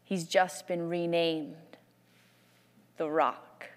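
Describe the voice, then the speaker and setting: A woman preacher narrating Bible scenes like film shots, in an animated storytelling sermon. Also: on the low side, extremely slow, in a large hall.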